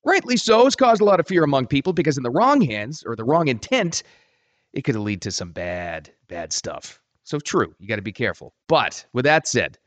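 A man hosting a podcast, talking casually and emphatically, often dropping low for weight. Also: dry recording. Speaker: podcast host.

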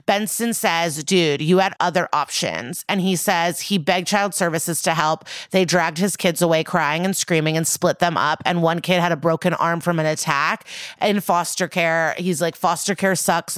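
A woman's voice: lowish voice, no room sound. A young adult woman co-hosting a podcast, casually recapping a TV episode, swearing freely and acting out the characters' lines. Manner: swears casually, retells scenes with quoted dialogue. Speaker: podcast co-host.

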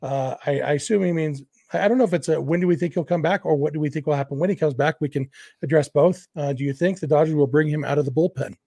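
A man's voice: fairly high pitch, fast talker, vocal fry, mellow, no echo. A man in his forties hosting a sports podcast, talking in a chatty, conversational way with plenty of "uh" fillers. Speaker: podcast host. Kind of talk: casual podcast talk and read ads.

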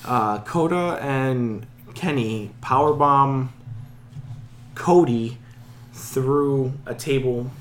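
A man's voice: mid-range voice, extremely slow, slight background noise. A man co-hosting a casual wrestling chat, joking and stumbling over names as he talks. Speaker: podcast co-host.

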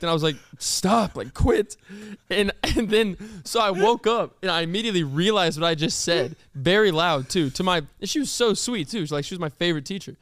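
Young male podcast host, fairly high voice, dry close mic, lively chatty storyteller. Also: dry recording. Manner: animated storytelling, laughs often. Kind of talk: casual chat.

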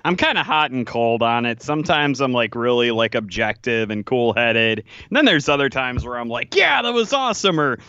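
A man co-hosting a casual sports podcast, laughing often and animated. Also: mid-range voice, normal speed, few pauses, clear, resonant tone, no room sound, dull audio. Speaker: podcast co-host.

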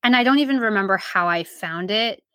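A woman's voice: mid-range voice, lively intonation, a little fast, smooth, no echo. Female podcast guest, mid-range voice, dry recording, chatty casual talk. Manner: chatty, trailing off into quiet asides. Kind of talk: casual conversation.

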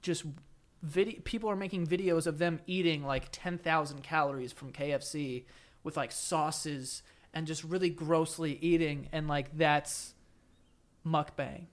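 A man's voice: fairly high pitch, a little slow. A man co-hosting a podcast in casual chat, blunt and profane, teasing his co-host and slipping into mocking voices when he quotes people. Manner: animated, mocking voices when quoting others.

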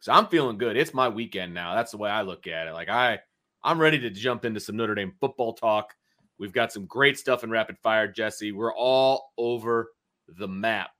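A man in his thirties hosting a sports talk show with lots of energy. His voice is bright and crisp, and he chats and tells stories in an animated way. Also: lowish voice, moderate pace. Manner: energetic, chatty, animated storyteller. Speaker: podcast host.

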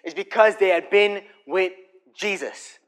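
High-voiced impassioned male preacher. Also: unhurried. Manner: impassioned preaching that swings to soft storytelling. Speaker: pastor. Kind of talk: sermon. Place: church.

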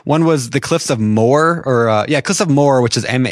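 A man's voice: mid-range voice, fairly quick, no echo, studio quality. A man from Minnesota co-hosting a podcast, chatty and enthusiastic. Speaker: podcast co-host. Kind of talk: casual podcast chat.

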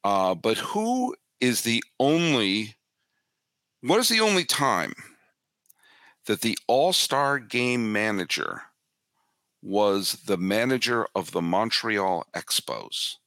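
A man guesting on a sports podcast, talking in an animated way and often repeating words as he builds his points. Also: fairly low pitch, slow pace, no room sound, studio quality. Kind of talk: casual sports podcast chat.

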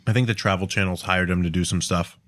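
A man's voice: deep voice, steady tone, fast talker, a bit bright, dry recording. A man co-hosting a podcast in a studio, joking around and telling stories with enthusiasm. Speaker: podcast co-host. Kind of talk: casual chat.

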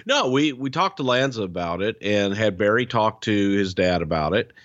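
A man, a former wrestling executive, talking in a blunt and measured way in casual podcast chat, with some swearing. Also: lowish voice, animated, fairly bright tone, no echo. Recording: dull lo-fi sound.

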